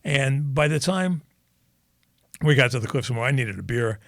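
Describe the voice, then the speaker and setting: A man in casual podcast chat, rolling from one anecdote into the next and laughing at his own punchlines. His voice has a gravelly fry and sits in the middle of the male range. The recording is dry and close. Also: mid-range voice, expressive, normal speed, a bit bright, dry recording. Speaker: podcast co-host.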